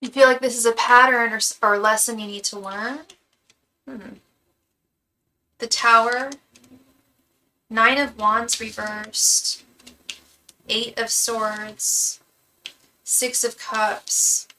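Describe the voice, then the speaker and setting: A woman's voice: a little high, steady tone, slow, long pauses, pushed and bright. A woman in her thirties giving a live-streamed tarot reading, chatty and full of ums, calling viewers girl. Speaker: tarot reader and psychic. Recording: distant mic with faint background noise.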